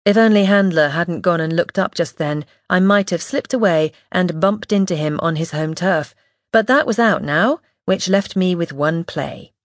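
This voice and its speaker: Woman reading a first person audiobook, lowish voice, measured and wry, dry close mic. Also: no echo. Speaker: audiobook narrator.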